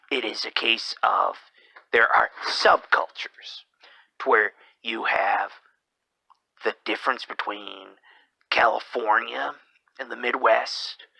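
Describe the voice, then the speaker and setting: Slow gravelly man, brooding monologue. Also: fairly low pitch, pushed and bright, no echo, rough recording. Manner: slips into whispers mid-sentence; rambling, hesitant delivery. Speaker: podcast host.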